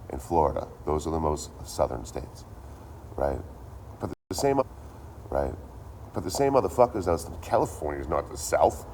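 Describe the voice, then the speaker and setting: Low-voiced man ranting profanely. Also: a little hiss or hum. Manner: profane, animated ranting with repeated lines. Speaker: streamer. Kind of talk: casual rant to a live chat.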